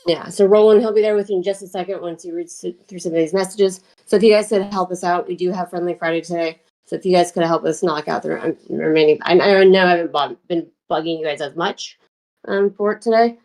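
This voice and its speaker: A woman's voice: lowish voice, fast talker, darkish tone, low-quality recording. A woman producing a live talk stream, speaking hesitantly with many ums as she asks viewers for gifts. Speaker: show producer. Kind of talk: casual live-stream chat.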